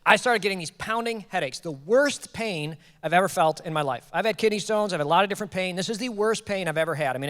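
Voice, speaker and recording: Fast-talking, animated pastor. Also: male voice, high voice. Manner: animated, joking, quotes people in raised voices. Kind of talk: storytelling sermon. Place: church auditorium. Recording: long hall reverb.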